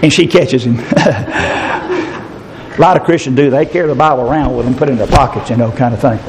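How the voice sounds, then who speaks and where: A man's voice: mid-range voice, normal speed, noisy background. A middle-aged man, preaching a folksy, fervent sermon and calling out to listeners by name.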